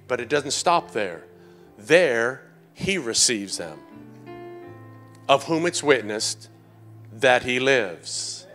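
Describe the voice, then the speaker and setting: A middle-aged pastor preaches a sermon in church, calling out to the congregation in call-and-response fashion. His delivery rises from low, confiding tones to loud shouts.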